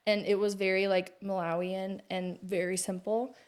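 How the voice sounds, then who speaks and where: A woman's voice: mid-range voice, level tone, moderate pace, darkish tone. A woman in her thirties, a guest in a casual conversation, telling personal stories in a chatty way and laughing easily. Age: 30s.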